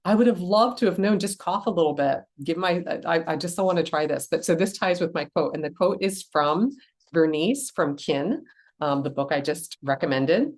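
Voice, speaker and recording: A woman's voice: fairly low pitch, lively intonation, normal speed. A middle-aged woman hosting a podcast, chatting casually and enthusiastically with frequent ums. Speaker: podcast host.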